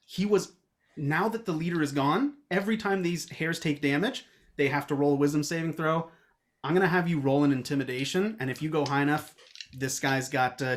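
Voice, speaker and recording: A woman running a tabletop game as game master, narrating in an animated way and laughing often. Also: sits low, brisk.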